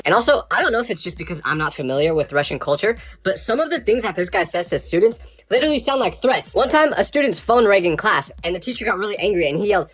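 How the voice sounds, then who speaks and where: A man's voice: high voice, fast talker, few pauses, soft background music. A man telling funny stories from his life in a comedic storytime monologue, breaking into exaggerated outbursts. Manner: animated, jumps to exaggerated outbursts.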